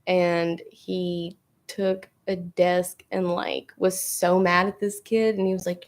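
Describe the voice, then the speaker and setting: A woman's voice: lowish voice, level tone, slow. A young woman hosting a casual chat, rambling with lots of fillers and frequent laughs. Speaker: podcast host.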